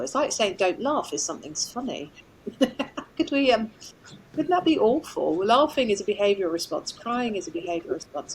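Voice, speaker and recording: A woman psychologist speaking as a guest in a conversational interview, expressive and emphatic, often laughing as she talks. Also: fairly low pitch, slight background noise, poor audio.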